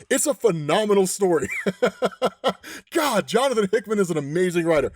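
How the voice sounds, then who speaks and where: A man hosting a comic book recap, retelling a story in an excitable, energetic way. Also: sits high, normal speed, dry recording, studio quality.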